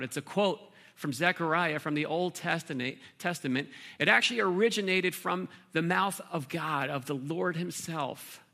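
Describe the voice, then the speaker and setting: A man preaching a sermon as pastor, earnest, with pauses and repeated words. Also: a little high, vocal fry, sharp tone.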